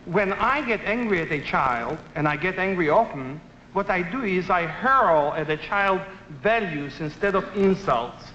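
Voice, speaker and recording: Man, playful storytelling lecturer, high and lively voice, roomy muffled archive sound. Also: unhurried, slight background noise. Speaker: lecturer on psychology. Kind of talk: humorous anecdotal talk to an audience. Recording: roomy dull archive recording.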